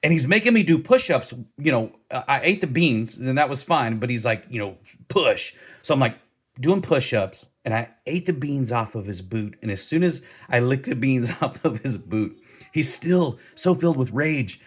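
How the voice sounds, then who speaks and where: A middle-aged man telling a story from his army training in a casual vlog, animated, laughing now and then and often restarting his sentences. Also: medium pitch, normal speed, breathy edge.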